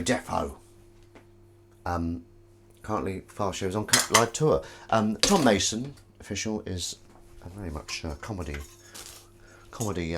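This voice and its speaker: A man's voice: deep voice, heavy background noise. A man chatting casually on a live stream while he washes up in his home kitchen, rambling and self-mocking as he reads viewers' comments. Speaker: streamer hosting a washing-up livestream. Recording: dish clatter in the background. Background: clattering dishes and cutlery.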